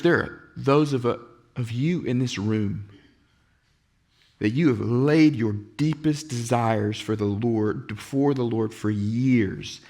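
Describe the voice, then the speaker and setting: A pastor preaching an earnest sermon in a church, reading scripture aloud and acting out the quoted lines. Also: male voice, mid-range voice. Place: church sanctuary.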